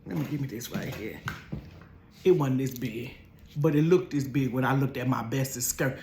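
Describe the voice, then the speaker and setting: Against a noisy background, a storytelling vlogger from Ohio speaks at normal speed in a very deep, gravelly voice. She tells her storytime from her bedroom, addressing viewers directly as "y'all" and "honey" in a chatty way, dropping to hushed asides and breaking into loud, laughing outbursts.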